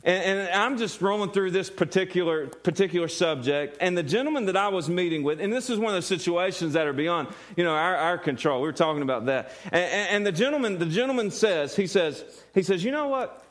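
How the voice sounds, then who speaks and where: Earnest man preaching, fairly high voice. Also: brisk, hardly any pauses. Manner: repeats words and restarts often, earnest; asks the congregation questions. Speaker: pastor. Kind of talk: sermon.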